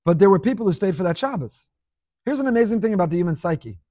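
Emphatic high-voiced preacher man. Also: lively intonation, quick pace, warm tone, dry recording, studio quality. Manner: emphatic, repeats key words, rhetorical questions. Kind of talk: sermon.

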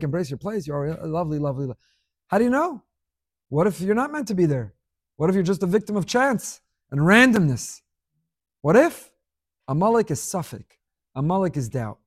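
Emphatic high-voiced preacher man. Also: no room sound, clean studio sound. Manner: emphatic, repeats key words, rhetorical questions. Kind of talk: sermon.

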